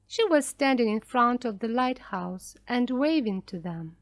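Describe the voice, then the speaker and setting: A woman narrating a graded reader story slowly and clearly for language learners. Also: on the high side, dry recording. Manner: slow, clear, carefully paced for learners.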